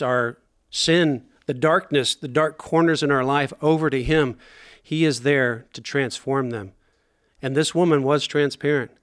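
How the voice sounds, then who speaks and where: An earnest male preacher walks listeners through a scripture passage, leaning on emphatic repetition to drive his points home. His voice sits somewhat high for a man, and the recording is dry and close with little room sound. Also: dry recording. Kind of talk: sermon.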